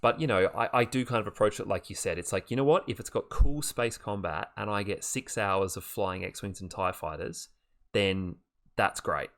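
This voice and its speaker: Lower-voiced man, games podcast co-host, teasing and hedging. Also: moderate pace. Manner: teasing, hedging with likes and you-knows. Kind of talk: casual chat about games.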